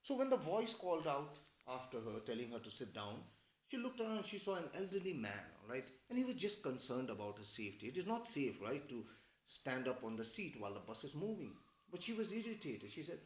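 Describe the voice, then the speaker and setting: A man's voice: on the high side, sing-song, brisk, a little hiss or hum. A man, reading a story aloud and explaining it to a class, often checking in with "all right?". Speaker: English teacher.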